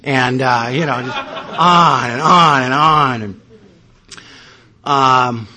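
A man's voice: medium pitch, slow pace, pauses often, a crowd in the background. A man in his thirties telling his recovery story at a meeting, wry and self-mocking. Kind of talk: personal testimony with self-deprecating humor.

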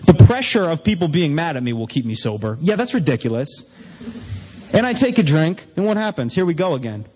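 A man's voice: on the high side, darkish tone. Candid man speaking in a reverberant hall. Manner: candid, self-mocking storytelling. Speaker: recovery speaker. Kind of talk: speech to a recovery meeting.

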